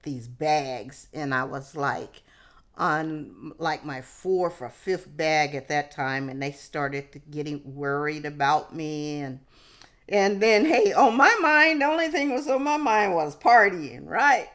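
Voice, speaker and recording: Slow, low-voiced woman telling a story. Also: lively intonation, fairly bright tone. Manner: halting, with frequent restarts and repeated "hey". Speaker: vlogger. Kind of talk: personal storytelling to camera.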